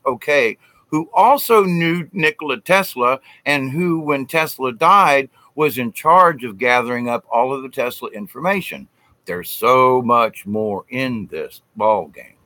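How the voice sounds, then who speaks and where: A man's voice: mid-range voice, bright, forceful tone, dry recording. A man hosting a casual, rambling monologue, often interrupting himself and sharing theories. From United States. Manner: rambling, self-interrupting, conspiratorial. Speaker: channel host.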